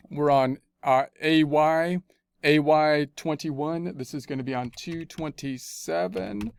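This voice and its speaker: Here a male accounting teacher talks viewers through spreadsheet steps in a screencast, often saying the same phrases again. He speaks on the higher side in a clean tone, and there's no echo.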